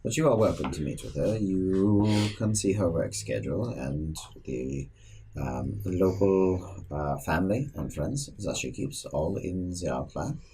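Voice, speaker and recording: A man voicing a formal, polite male church agent who talks in measured, old-fashioned phrases during a tabletop game. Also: low-pitched, lively intonation, warm tone, slight background noise. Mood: courteous. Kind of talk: tabletop role-play character voice.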